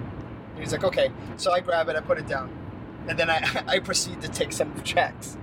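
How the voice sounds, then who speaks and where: Man, thirties, casual storyteller, slightly high voice, acts out quotes, loud traffic noise outside. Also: brisk. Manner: animated, acts out quotes, laughs mid-story. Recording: noisy recording with traffic outside.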